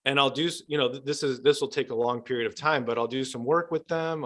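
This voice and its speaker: A man who works as a couples therapist, explaining his approach in a podcast interview in a measured way, with fillers and restarts. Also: medium pitch, steady tone, fairly bright tone.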